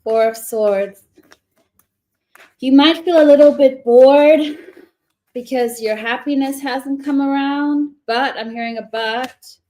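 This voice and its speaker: A woman's voice: high-pitched, slow pace, dark tone. A woman giving a casual live tarot reading, chatty and rambling, often restarting her sentences. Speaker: tarot reader.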